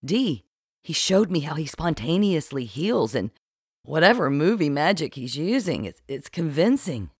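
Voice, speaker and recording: Man reading a hesitant, pleading middle-aged woman in an audiobook, lifted a little higher than his own voice, recorded dry. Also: sing-song, a little slow, husky, no room sound, heavily acted. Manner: hesitant, defensive. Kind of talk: audiobook character voice.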